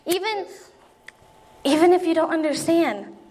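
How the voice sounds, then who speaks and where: A young woman delivers a sermon in a high, light voice. She talks earnestly and conversationally, slipping into spoken prayers. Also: expressive, unhurried, dark tone. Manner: earnest, conversational preaching with repeated appeals and acted prayers. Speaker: preacher.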